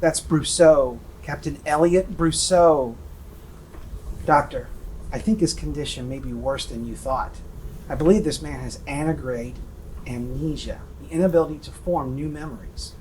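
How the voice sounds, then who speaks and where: A man's voice: mid-range voice, normal speed, darkish tone, slight background noise, low-quality recording. A man playing a naval captain, speaking earnestly and formally.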